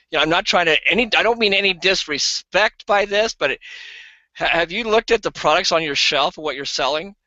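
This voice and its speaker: A man with a bright, forceful, slightly high voice tells everyday stories to push a product. He acts out the people he quotes with excitable jumps in pitch. The sound is dry and dull, like a lo-fi video call. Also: no room sound. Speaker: co-host of an online sales hangout. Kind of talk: casual storytelling and sales pitch.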